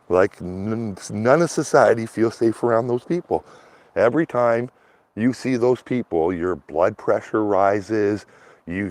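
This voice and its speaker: Guy, very low voice, rambling offhand vlog talk while out walking. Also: a little mellow, dry recording. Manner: loose and rambling, peppered with "like" and "man". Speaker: vlogger. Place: outdoors, walking a dog through a small town.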